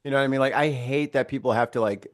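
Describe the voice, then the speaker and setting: A man from the United States chatting casually on a podcast, rambling and animated, swearing freely. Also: mid-range voice, rapid-fire, no echo, studio quality. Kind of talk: casual chat.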